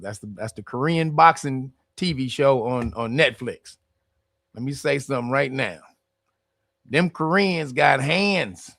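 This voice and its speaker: A man's voice: mid-range voice, creaky, dry recording, clean studio sound. A man hosting a casual livestream with a strained voice, chatting in loose, profane banter and laughing often. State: strained voice from screaming. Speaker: livestream host.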